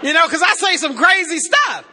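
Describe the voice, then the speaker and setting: Brief: woman, high and very bright voice, folksy self-mocking testimony, long hall reverb. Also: expressive, brisk, a little hiss or hum. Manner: folksy, self-mocking storyteller who addresses the crowd directly. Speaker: recovery meeting speaker. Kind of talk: humorous personal testimony to a crowd.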